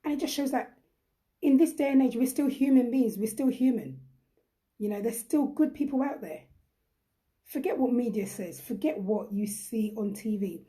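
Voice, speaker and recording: Earnest woman, very dark voice. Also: fairly high pitch, moderate pace. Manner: earnest, repeats phrases for emphasis. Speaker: host. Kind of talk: reflective live-stream talk.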